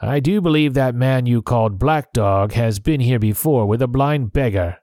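A man voicing a cheery, booming one-legged tavern keeper in a storybook reading. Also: normal speed, dark tone, no echo, clean studio sound, lightly acted.

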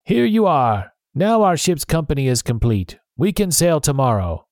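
An excitable country gentleman giving orders, as a man puts him on. He speaks eagerly and with command, lifted above the reader's own voice. The storybook reading sounds close and dry. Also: mid-range voice, measured pace, dry recording, pitched above the performer's own voice, lightly acted.

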